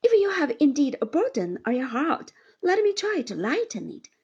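A woman voicing an earnest young man who pleads in a hushed, breathy voice. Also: high-pitched, very animated, normal speed, lo-fi sound, voice pushed up. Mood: pleading.

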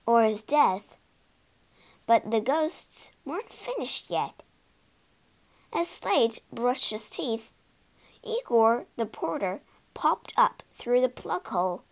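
A woman narrating a storybook with an expressive, dramatic reading. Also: on the high side, slow pace.

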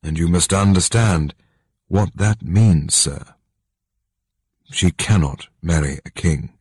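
A man's voice: deep voice, slow pace, a little mellow, husky, dry recording, heavily acted. A man reading an audiobook, voicing a firm, formal older statesman.

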